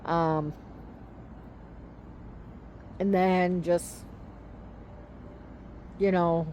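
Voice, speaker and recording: A middle-aged woman telling a personal story to camera in a casual, hesitant way, with many pauses and fillers. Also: on the low side, little pitch movement, darkish tone, slight background noise. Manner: slow, hesitant, many ums and likes. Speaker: vlogger. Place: outdoors.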